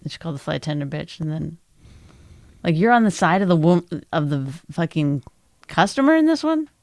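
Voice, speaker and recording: A woman's voice: a little fast, dry recording, studio quality. A middle-aged woman co-hosting a podcast in casual chat, telling a story and acting out what people said in a raised voice. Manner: animated storyteller who acts out quotes in a high voice. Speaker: podcast co-host.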